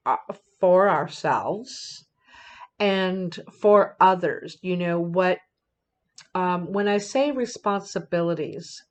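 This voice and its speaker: A woman giving a casual tarot reading in an unhurried, rambling way. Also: fairly low pitch. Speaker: tarot reader.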